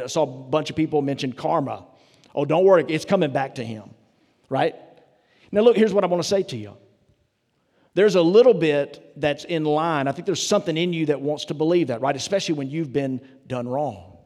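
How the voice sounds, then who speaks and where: A man's voice: a little high, darkish tone. A man, a pastor, preaching a sermon in a conversational, storytelling way, with asides to the congregation. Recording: long reverb of a large hall.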